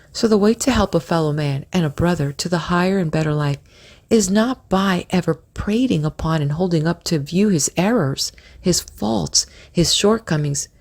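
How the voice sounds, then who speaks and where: A woman narrating an old book of spiritual prose aloud, reading in measured, drawn-out phrases that sometimes sink to a whisper. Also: lowish voice, darkish tone. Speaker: audiobook narrator.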